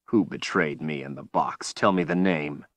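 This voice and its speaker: A man's voice: very deep voice, normal speed, dry recording. A man voicing a defiant young male hero in an audiobook, speaking bluntly and stubbornly. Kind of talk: audiobook character voice.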